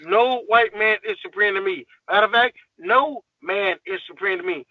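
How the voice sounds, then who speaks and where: A man's voice: high voice, normal speed, no room sound, dull audio. A man guest on a podcast, ranting in a heated, profane, emphatic way in casual talk.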